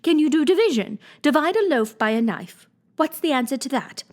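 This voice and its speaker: A woman reading aloud and voicing a feeble, fretful, muddled queen who speaks slowly and nervously. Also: sits high, lively intonation, a little mellow, pitched above the performer's own voice. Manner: slow, nervous, anxious.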